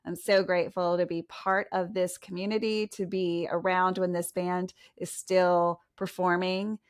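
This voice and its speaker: A woman's voice: on the low side, flat delivery. Encouraging female podcast host. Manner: warmly encouraging, quick affirmations. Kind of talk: casual chat.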